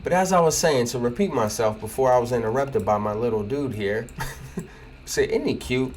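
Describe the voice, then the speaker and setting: A man's voice: medium pitch, moderate pace, darkish tone, slight background noise. A man chatting casually and with opinions over a video game, rambling and laughing at what happens on screen. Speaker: gaming video host. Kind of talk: casual gameplay commentary.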